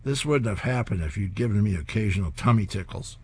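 A man voicing a sheepish male police dog in a comic strip reading, with a husky voice. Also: on the low side, animated, a little fast, slight background noise. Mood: sulky.

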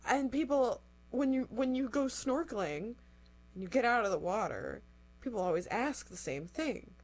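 A young woman telling a story in a casual chat, animated and acting out quotes, with lots of "like". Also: on the high side, normal speed. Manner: animated, acts out quotes, says "like" often.

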